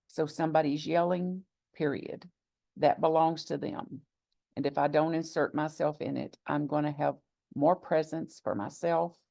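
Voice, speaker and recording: Low, gravelly woman minister teaching. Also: warm tone, no echo. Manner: deliberate, reflective, repeats key phrases for emphasis. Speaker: minister and author. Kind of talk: teaching talk to a live congregation. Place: gathering with a live audience.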